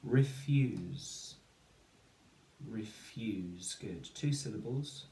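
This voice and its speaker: Slow, patient man teaching phonics. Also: fairly low pitch, animated, darkish tone. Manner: slow, counting in and sounding out words syllable by syllable; encouraging praise for pupils. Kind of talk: phonics lesson for children. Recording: echoey room with faint ambient noise.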